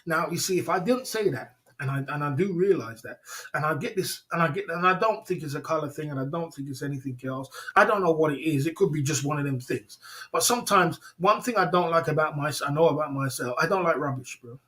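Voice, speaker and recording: A man hosts a casual livestream and rants through a story in a loud, animated way. His voice sits a little high for a man. He repeats himself, laughs often and keeps calling his listeners bro and man. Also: quick pace. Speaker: livestream host.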